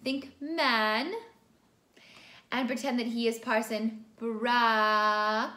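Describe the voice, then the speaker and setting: A woman teaching a singing lesson, explaining vowels clearly and demonstrating them by singing. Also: fairly high pitch, steady tone, very slow, pushed and bright. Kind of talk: vocal lesson with sung examples. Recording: roomy sound with faint music behind.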